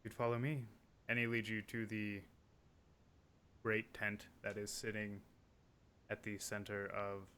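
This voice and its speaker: A man's voice: lowish voice, flat delivery, unhurried, pauses often, pushed and bright, slight background noise. A man narrating a tabletop role-playing game as game master, in a casual, chatty way with many fillers.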